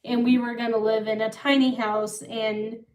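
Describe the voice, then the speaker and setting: A woman's voice: on the high side, level tone, normal speed, darkish tone. A young woman hosting a livestream, telling a long personal story casually, circling back and repeating herself. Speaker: livestream host. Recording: echoey room, far from the mic.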